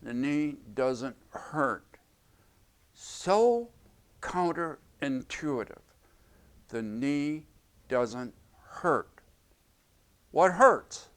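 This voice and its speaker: A man's voice: a little high, expressive, drawn-out words, pauses often, clear, resonant tone. A man teaching in an explanatory video lecture, speaking emphatically and repeating his key phrases. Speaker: self-help teacher.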